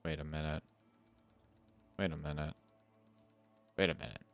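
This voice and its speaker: A man's voice: rumbling low, normal speed, soft background music. A male live streamer chatting casually with his viewers, swearing freely and drifting off topic. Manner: swearing, animated, easily sidetracked. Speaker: live streamer answering chat.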